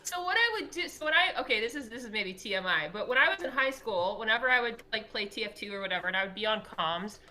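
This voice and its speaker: A woman's voice: on the high side, lively intonation, fast, few pauses, pushed and bright. A woman co-hosting a livestream. She is chatty and giggly and tells stories with lots of fillers. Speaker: livestream co-host and moderator. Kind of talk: casual chat.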